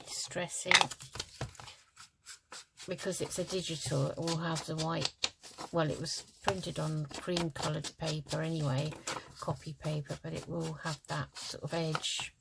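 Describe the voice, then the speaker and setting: A low-voiced older woman from the UK chats casually as she works on a collage at her craft table. She rambles along with plenty of ums and sounds a little tired. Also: little pitch movement, unhurried, gravelly, very noisy. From United Kingdom. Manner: chatty and rambling, with many ums. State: yawning, tired. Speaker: craft vlogger. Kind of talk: casual chat while crafting.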